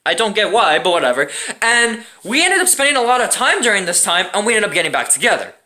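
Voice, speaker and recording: Young guy ranting about his ex, super lively up-and-down delivery, bright tone, swears a lot. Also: high-pitched, fast talker. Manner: animated and profane, keeps tagging "right?". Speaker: storyteller. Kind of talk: casual storytime rant.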